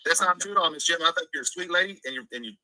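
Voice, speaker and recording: A man's voice: on the high side, lively intonation, very fast, bright, forceful tone, no echo, low-quality recording. A man in casual stream chat, talking bluntly and emphatically with some swearing.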